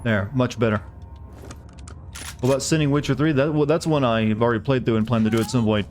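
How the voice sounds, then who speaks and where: A man's voice: medium pitch, brisk, a little mellow, soft background music. A male streamer giving casual, rambling gameplay commentary while chatting with viewers. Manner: chatty, rambling, many restarts.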